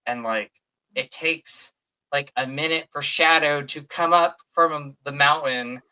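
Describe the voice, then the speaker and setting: A man co-hosting a casual podcast, telling animated, emotional stories with quoted asides. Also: on the high side, unhurried, smooth, rough recording. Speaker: podcast co-host. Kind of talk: casual chat.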